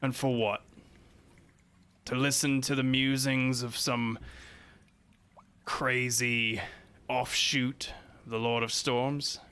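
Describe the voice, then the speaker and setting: A man's voice: medium pitch, level tone, slow pace, pauses often, sharp tone, smooth. A man doing a sneering soldier captain. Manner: sneering, mocking. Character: menacing male soldier leader, sneering and cruel.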